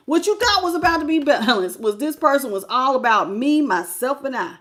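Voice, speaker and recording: A woman with a high, light voice gives a casual tarot reading straight to her viewers. She talks bluntly and colloquially and drifts into stories, calling her audience "y'all". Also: animated, normal speed, few pauses, a bit bright. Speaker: tarot reader.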